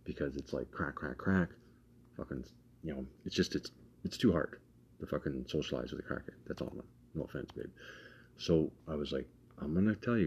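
A man's voice: a bass voice, moderate pace, darkish tone. A man lecturing insistently in a heated casual argument, swearing as he talks. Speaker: friend in conversation. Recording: muffled lo-fi recording with faint noise.

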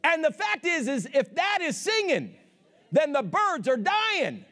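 A pastor with a very high voice preaches a fervent sermon, a little slowly and with huge pitch swings. He swings between shouts and hushed asides and calls on the congregation for amens.

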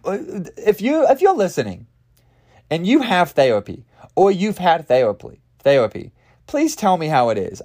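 A young man hosting a solo podcast, rambling crudely and confessionally, swinging between loud outbursts and mumbles. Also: a little high. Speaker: podcast host. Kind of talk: casual solo podcast monologue.

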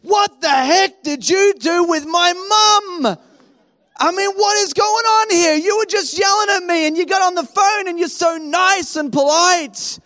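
High-voiced animated male preacher. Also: a little slow. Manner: animated, acts out quoted voices. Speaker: pastor. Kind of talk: sermon.

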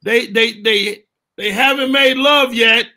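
High, bright-voiced man in comic debate. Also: slow. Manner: animated, acting out scenes and shouting quotes. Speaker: podcast co-host. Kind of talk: comedic debate banter.

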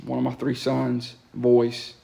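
A man, preaching a lively sermon in a church and breaking into quick asides and repeated words. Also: medium pitch, vocal fry. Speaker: pastor. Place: church sanctuary.

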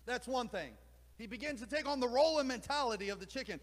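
High-voiced preacher in a reverberant hall. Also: male voice, animated. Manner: emphatic, drawn-out reading with rambling asides. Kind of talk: sermon with story reading.

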